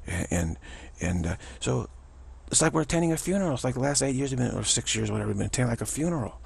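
A man's voice: medium pitch, animated, fast, gravelly, husky. A man vlogging in a rambling, repetitive, theatrical way, giving casual spiritual commentary.

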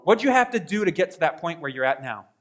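A male pastor with a notably high voice preaches to his congregation in a conversational style. He keeps asking rhetorical questions and voices his own prayers aloud. His delivery moves between hushed asides and sudden loud bursts. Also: very animated, fast. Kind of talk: sermon.

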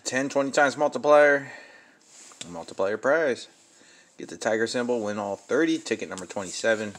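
A man's voice: medium pitch, normal speed. A man giving casual running commentary as he scratches lottery tickets, muttering numbers and sighing and groaning at losses.

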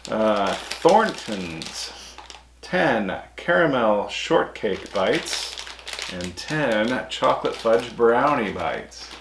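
A man's voice: medium pitch, very animated, drawn-out words, vocal fry, background noise. Easygoing man in an echoey room. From United States. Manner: reads snack labels out, short easygoing replies. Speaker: vlog co-host. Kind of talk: casual snack-tasting chat.

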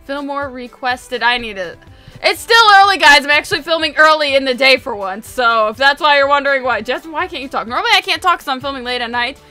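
Excitable high-voiced woman gaming. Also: quick pace. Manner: excitable, chatty, reads game text aloud. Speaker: gaming video host. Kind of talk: casual game commentary. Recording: game music behind voice.

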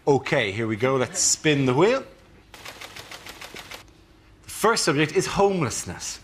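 A man hosting a comedy panel show, briskly announcing rounds and calling on the comedians. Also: medium pitch, very animated. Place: TV studio with audience. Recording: noisy studio, loud audience.

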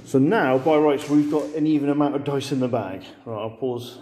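In a roomy hall full of long reverb, a male host plays a tabletop wargame and talks through it casually. His mid-range voice is mellow, and he keeps things chatty and joking with quick asides.

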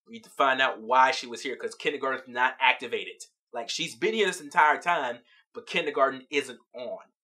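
A vlog host quoting a calm, stern female gem team leader from a cartoon in a measured, serious voice. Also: medium pitch, voice pushed down, natural voice.

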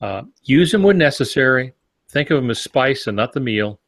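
An older man co-hosting a writing podcast, explaining points in a measured, plain-spoken way. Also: medium pitch, lively intonation, a bit bright, no room sound. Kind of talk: instructive podcast discussion.

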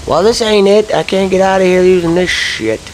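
A man's voice: sits high, a little fast, slight background noise, low-quality recording. A man commenting casually while playing a video game, frustrated and swearing a lot. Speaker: let's-play gamer.

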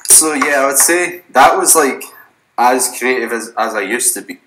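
Laid-back and rambling, a young podcast guest swears constantly through a casual chat. He has a mid-range voice at normal speed, recorded in an echoey room with background noise.

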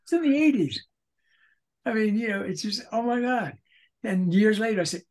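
A man in his eighties, a voice actor guest, telling animated anecdotes in a casual interview, with frequent restarts. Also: high voice, moderate pace, long pauses. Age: 80s.

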